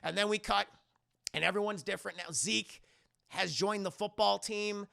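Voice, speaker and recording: A man with a gravelly, bright voice, rambling through a movie recap on a livestream. He swears freely and often corrects himself mid-sentence. The sound is dry and close. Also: high voice, normal speed, dry recording. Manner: rambling, profane, self-correcting. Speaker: movie reviewer and streamer. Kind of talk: casual film recap on a livestream.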